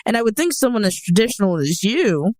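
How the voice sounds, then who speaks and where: A woman's voice: medium pitch, very animated, brisk, darkish tone, no echo. A young woman co-hosting a dating advice show, talking in a blunt, sarcastic way and swearing freely. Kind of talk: casual chat.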